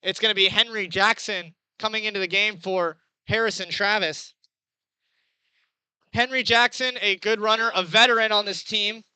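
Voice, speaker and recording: A young man doing chatty baseball play-by-play commentary, getting excited on big plays. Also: high voice, a little fast, hardly any pauses, smooth, dry recording, rough recording. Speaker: play-by-play announcer.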